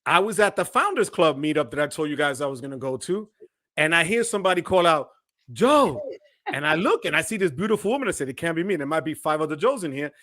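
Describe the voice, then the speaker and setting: Male livestream host, dry close sound, upbeat shout-outs. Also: on the high side, big pitch swings, quick pace, dry recording. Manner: hypes up viewers with shout-outs. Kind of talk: energetic livestream chat. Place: home studio.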